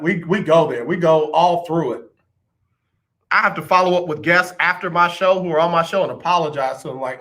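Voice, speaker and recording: Talking to his audience as though they're old friends, a male radio host keeps things teasing and jokey. The chat is casual, and his somewhat high voice comes across bright and strong.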